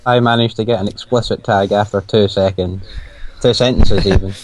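A man's voice: lowish voice, fairly even intonation, normal speed, noisy background. A man co-hosting a casual online show, cheeky and full of swearing. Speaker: co-host. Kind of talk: casual chat. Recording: music in the background.

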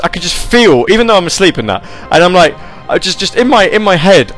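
A man hosting a casual live radio show, rambling and animated as he reads chat messages and tells stories. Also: high-pitched, fast, hardly any pauses, faint music behind.

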